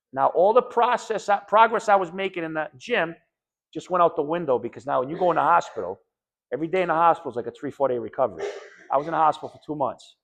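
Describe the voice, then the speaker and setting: A middle-aged man with a New England accent telling an audience his own story as a patient, in a blunt, emphatic, conversational way. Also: a little high. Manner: blunt, emphatic, conversational, quotes others in animated voices. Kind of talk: candid personal talk to an audience.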